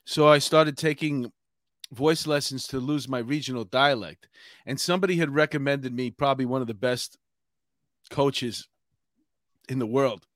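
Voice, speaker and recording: A man's voice: mid-range voice, normal speed, long pauses, dry recording, clean studio sound. A middle-aged man with a New York accent, hosting a casual chat show and rambling with many fillers. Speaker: podcast host.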